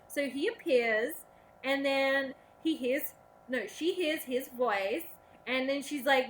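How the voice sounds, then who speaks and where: Profane, bright-voiced young woman ranting. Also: high-pitched, moderate pace, slight background noise. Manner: profane, sarcastic, animated ranting with mocking quoted voices. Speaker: vlogger. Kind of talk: casual rant to camera.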